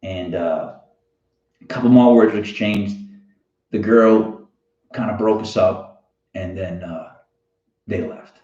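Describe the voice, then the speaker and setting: A man with a Boston accent hosting a fantasy football show, telling a rambling, animated story in a casual monologue. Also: on the low side, slow, pauses often. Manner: rambling, animated, self-interrupting. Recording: roomy, dull lo-fi sound.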